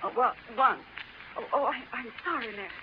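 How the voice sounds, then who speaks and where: A woman plays a prim, gentle spinster aunt in an old radio drama, speaking in a high, earnest, fretful voice. The recording is muffled, with a faint hiss. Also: expressive, moderate pace, close to an everyday voice. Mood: upset. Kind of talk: vintage radio drama acting.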